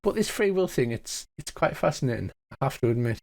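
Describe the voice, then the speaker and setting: A man's voice: medium pitch, big pitch swings, brisk, creaky. A man voicing an ancient male construct who rambles and muses about free will. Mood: musing. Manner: chatty, musing, rambling.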